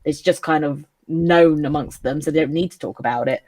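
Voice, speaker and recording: A woman recapping an anime episode for a casual review with a friend. She talks in a slightly low voice, giggles, and fills her sentences with loose asides. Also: fairly quick, a little mellow. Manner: giggly, recaps with many "like" fillers. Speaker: co-host.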